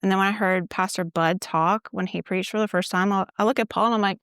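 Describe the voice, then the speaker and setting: A woman's voice: medium pitch, fairly even intonation, fast talker, fairly bright tone, clean tone, dry recording, clean studio sound. A woman, a church ministry assistant, telling her faith story in a casual interview and quoting her own past thoughts as she goes. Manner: conversational, retelling with quoted inner thoughts.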